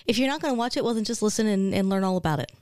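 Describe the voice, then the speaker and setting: A woman's voice: mid-range voice, racing, darkish tone, no echo, clean studio sound. An American woman co-hosting a podcast, chatty and teasing in casual banter. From United States. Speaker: podcast co-host.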